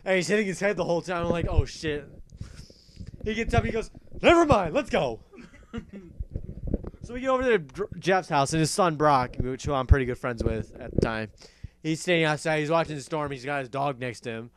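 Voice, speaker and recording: A young man hosting a casual talk show, telling a story in an animated way, laughing and swearing often. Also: a little high, brisk, noisy background. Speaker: podcast host.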